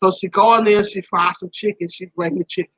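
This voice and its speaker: A woman hosting a live stream, telling a personal story in a casual, animated way, laughing and her voice leaping high at the embarrassing parts. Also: a little fast, husky, no room sound, poor audio.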